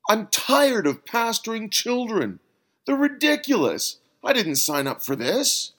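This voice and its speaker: A man reading the lines of Bill, a frustrated male pastor who complains loudly about his flock. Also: sing-song, slow, full character voice. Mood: exasperated. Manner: loud, complaining, raised pitch.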